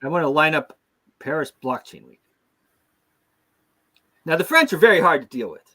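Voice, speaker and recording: Middle-aged American male host, slightly higher voice, casual rambling delivery. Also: animated, moderate pace, pushed and bright. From United States. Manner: rambling, with many restarts and fillers. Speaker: show host. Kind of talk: casual chat.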